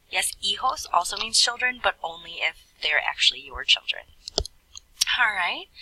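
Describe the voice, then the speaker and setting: A woman's voice: on the low side, pushed and bright, slightly rough, no echo, distant mic, low-quality recording. A woman Spanish teacher explaining grammar patiently, step by step, in a recorded lesson. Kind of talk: recorded classroom lesson with screen writing.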